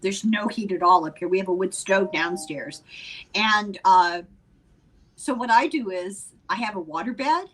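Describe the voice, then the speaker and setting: A woman's voice: mid-range voice, a little slow, fairly bright tone, rough recording. An older woman with an Irish accent, a guest in a casual video call chat, wry and self-deprecating.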